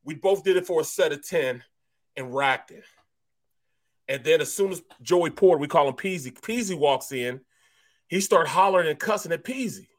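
A man co-hosting a sports talk show, a former player telling animated locker-room stories in casual chat. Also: a little high, normal speed. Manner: animated storyteller, acts out voices. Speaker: co-host, former NFL player. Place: podcast studio.

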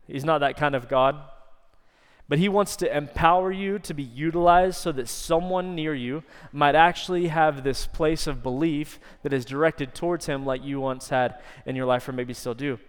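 A man giving a sermon as pastor. He stretches key words for emphasis and sometimes drops to soft, intimate tones. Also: a little high, moderate pace, clean tone. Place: church sanctuary. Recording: long church reverb.

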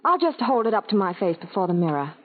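A woman's voice: medium pitch, big pitch swings, fast. An actress playing a fretful young woman fussing over her looks in a 1940s radio ad, self-doubting. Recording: tinny 1940s radio broadcast.

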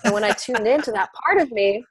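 A woman in her thirties, a podcast guest talking casually about spiritual growth, animated and full of "like" as she acts out inner voices. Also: a little high, quick pace, breathy edge.

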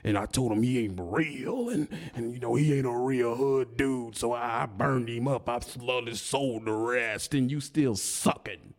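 Speaking at a measured pace with hardly any pauses, a medium-pitched YouTuber rants heatedly at a rival on his video channel. He sounds taunting and confrontational, throwing in mocking laughs.

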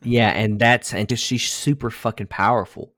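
A man's voice: mid-range voice, steady tone, moderate pace, fairly bright tone, dry recording, studio quality. A young man co-hosting a podcast, talking in a loose, rambling way and swearing casually. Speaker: podcast co-host. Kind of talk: casual chat.

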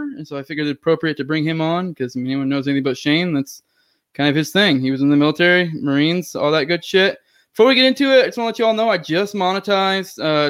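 A man's voice: on the high side, smooth. A man hosting a casual podcast, rambling and profane, with frequent giggles. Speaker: podcast host.

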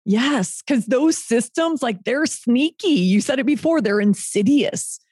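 Woman podcast host, animated swoops in pitch, dry close mic. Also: a little slow, breathy edge, dry recording. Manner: chatty, emphatic, affirming. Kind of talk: casual interview chat.

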